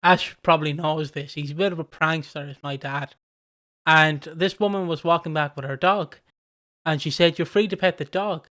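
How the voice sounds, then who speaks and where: A podcast co-host in casual chat, telling animated anecdotes with lots of laughter and mimicked voices, then signing off the episode. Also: mid-range voice, normal speed.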